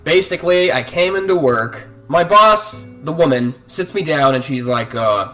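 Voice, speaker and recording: A man's voice: fairly high pitch, lively intonation, moderate pace, few pauses, pushed and bright, recorded from a distance, faint music behind. Profane, dramatic young man telling a story. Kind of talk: storytime vlog narration.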